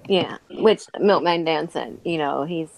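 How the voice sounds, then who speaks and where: A woman chatting casually, talking in halting starts with frequent giggles. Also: deep voice, creaky, rough recording. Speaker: podcast co-host. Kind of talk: casual chat.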